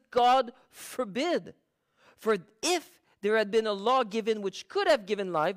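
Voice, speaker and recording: A Bible teacher preaches verse by verse in a mid-range voice, reading scripture slowly with stressed words and explaining it through rhetorical questions.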